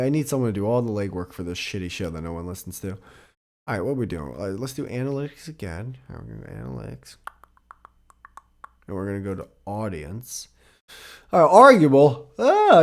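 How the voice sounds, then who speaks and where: A middle-aged man talks by himself on his podcast in a loose, rambling way, full of swearing and self-deprecating jokes. His voice sits at an ordinary pitch for a man. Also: darkish tone. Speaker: podcast host. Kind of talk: casual solo podcast chat.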